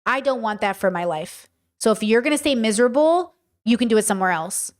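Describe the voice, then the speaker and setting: A woman's voice: on the high side, expressive, fairly quick. A woman in her thirties hosting a podcast, talking bluntly and emphatically in a casual, unscripted monologue that swears freely and answers chat comments. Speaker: podcast host.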